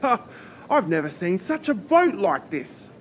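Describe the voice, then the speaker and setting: A woman voicing an excitable, cheeky young man who talks loud and brash. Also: medium pitch, a little slow, a little hiss or hum. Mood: rowdy excited.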